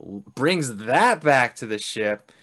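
Man, podcast co-host, relaxed and profane plot recap. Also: medium pitch, slow pace. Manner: loose and profane, acts out characters' lines. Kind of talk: casual film recap chat.

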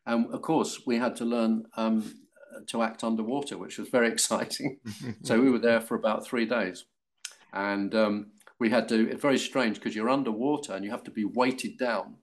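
Older man from England, low voice, animated storyteller, laughs often, interview guest. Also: moderate pace. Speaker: actor guest. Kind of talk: anecdotal interview.

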